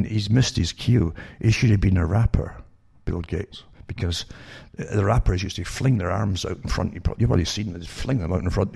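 A man's voice: sits low, gravelly, a little mellow, breathy edge. A man giving rambling commentary to his listeners, with many restarts and rhetorical questions. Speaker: online commentator reading news articles.

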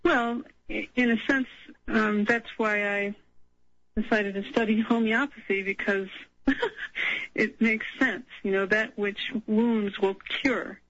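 A woman from Colorado calling in to a radio show on the phone, speaking hesitantly with many pauses and ums. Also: mid-range voice, steady tone, fairly bright tone, dry recording, muffled recording. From Colorado, USA. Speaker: caller. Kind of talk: phone-in conversation.

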